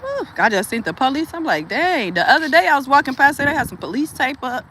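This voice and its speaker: A woman's voice: high voice, lively intonation, fast talker, fairly bright tone, a little hiss or hum. A woman vlogger venting in a casual, profane monologue, laughing often, with speech.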